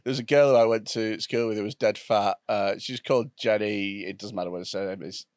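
A man, a comedian co-hosting a podcast, telling crude stories in halting, restarting bursts. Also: lowish voice. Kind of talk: casual chat.

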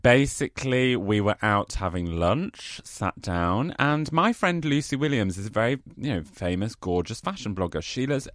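A woman's voice: rumbling low, sing-song, moderate pace, few pauses, no room sound, studio quality. A British woman co-hosting a podcast, theatrical and gushing, with lots of giggles. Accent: British English. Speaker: podcast co-host. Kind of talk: casual podcast chat.

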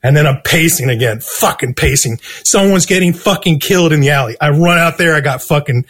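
A man's voice: on the high side, fairly quick. A man telling a story casually, swearing a lot and laughing along as he goes. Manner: animated, swears constantly, laughs through the story. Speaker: storytelling guest.

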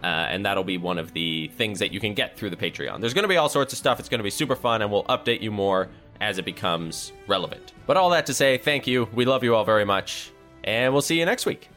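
A man's voice: fairly low pitch, lively intonation, fairly quick, a bit bright, faint music behind. A man acting as dungeon master and host, narrating a tabletop game in a loose, chatty way with jokes and fillers.

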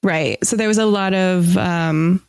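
A young adult woman, a podcast guest, explaining her show in a thoughtful, casual way with many pauses and small laughs at herself. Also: lowish voice, creaky, clean tone, dry recording. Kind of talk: casual interview talk.

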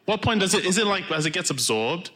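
A man guesting on a live comedy podcast, playfully puzzled and musing out loud with questions. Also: high-pitched, sing-song, fast talker.

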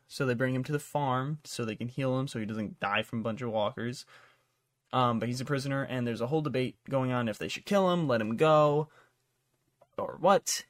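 A man hosting a podcast in a casual chat, rambling and swearing through a recap with lots of ums and likes. His voice sits at a middling pitch and is recorded dry and close, with no room sound. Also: no echo. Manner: rambling, profane plot recap with many fillers. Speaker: podcast host.

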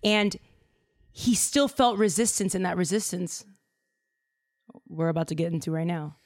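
A woman telling a story casually, animated and slangy with lots of fillers. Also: lowish voice, normal speed, long pauses.

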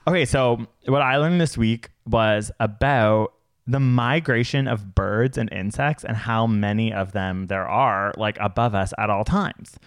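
A man's voice: fairly low pitch, unhurried, smooth, no echo, clean studio sound. A man co-hosting a podcast in casual chat, playful and jokey with sassy asides. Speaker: podcast co-host.

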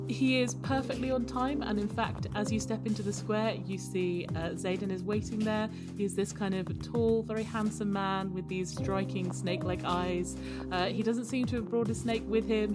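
A woman running a tabletop game as game master, narrating a scene with many hesitant ums and uhs. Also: fairly low pitch.

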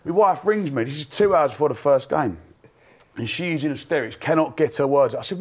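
Man, fan panel storyteller, breathless, laughing, higher voice. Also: lively intonation, a little fast, slightly rough. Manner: breathless, laughing anecdote with acted quotes. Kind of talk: animated storytelling.

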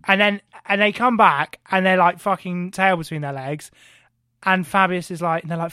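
An excitable man spinning a comic history tale on a podcast. He swears freely and keeps firing rhetorical questions, in a slightly high voice recorded dry and close to the mic. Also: normal speed, smooth, no echo. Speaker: podcast co-host. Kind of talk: animated comic history storytelling.

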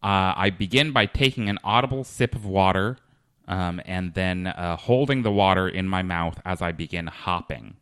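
Male podcast host, lowish voice, crisp and clear, deadpan rambling delivery. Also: normal speed, dry recording, studio quality. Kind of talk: deadpan comedic interview.

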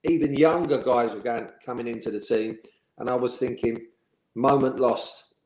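A former professional footballer, interviewed in an echoey room, chats away telling amused anecdotes and laughing as he goes. His voice is medium-pitched and a little mellow.

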